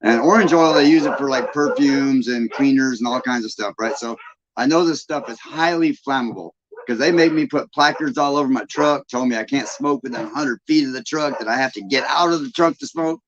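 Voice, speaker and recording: Southern US man, host, casual storyteller, chuckling, medium pitch, dull stream audio. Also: a little fast, background noise. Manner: rambling, chuckling.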